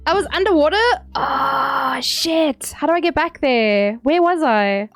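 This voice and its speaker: A woman's voice: high voice, unhurried, no echo, faint music behind. A woman streaming a video game, chatting playfully with her viewers and swearing freely as she plays. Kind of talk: casual gameplay commentary.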